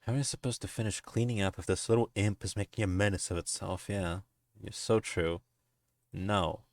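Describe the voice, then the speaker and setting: A man's voice: lowish voice, steady tone, normal speed, gravelly, no room sound. A man streaming a text game, reading its narration aloud and breaking off into giggles and profane asides.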